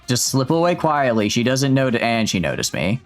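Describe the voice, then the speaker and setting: A man's voice: mid-range voice, very animated, a little fast, soft background music. A young man casually streaming a game, reading the dialogue aloud and joking with his chat, with a slightly sore throat. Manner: jokey, chatty, reads lines out with asides to chat.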